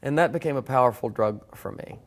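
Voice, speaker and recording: Gravelly, earnest man. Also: mid-range voice, brisk. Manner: earnest, reflective storytelling with restarts. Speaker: guest preacher. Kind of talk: personal testimony in conversation.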